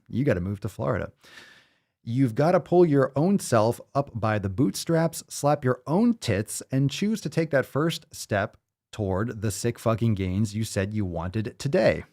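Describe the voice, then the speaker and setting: A man's voice: on the low side, darkish tone. A man hosting a fitness podcast, reading listener messages aloud and breaking in with profane, joking asides. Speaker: podcast host.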